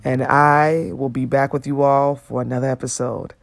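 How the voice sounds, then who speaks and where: A man's voice: mid-range voice, little pitch movement, normal speed, gravelly, no echo, clean studio sound. A young man hosting a solo podcast, talking earnestly and casually with lots of "you know what I'm saying" fillers, rising when he stresses a point. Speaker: podcast host.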